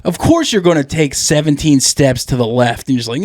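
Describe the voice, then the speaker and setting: A man's voice: medium pitch, animated, fairly quick, no room sound, studio quality. A man co-hosting a podcast, telling crude, jokey stories and acting out the people in them. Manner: crude, jokey storyteller who acts out loud quotes. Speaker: podcast co-host. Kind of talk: casual podcast banter.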